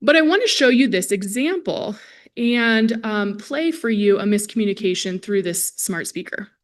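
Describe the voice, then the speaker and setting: A woman's voice: mid-range voice, animated, normal speed. Woman giving a friendly lecture. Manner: friendly, conversational, addresses audience directly. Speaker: speech-language pathologist lecturing. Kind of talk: conference lecture to a live audience. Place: lecture hall at a symposium.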